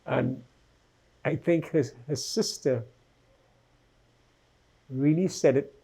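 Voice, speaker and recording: An older man recounting his life story in a conversational interview, quietly and vividly retelling events and tagging questions onto his sentences. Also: a little high, steady tone, slow, vocal fry, slightly rough.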